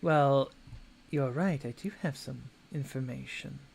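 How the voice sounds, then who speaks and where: A man's voice: medium pitch, unhurried, vocal fry, darkish tone, slightly rough. A man voicing a mysterious young woman with odd-colored eyes who chuckles and teases, in a tabletop game. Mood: curious. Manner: playful, teasing.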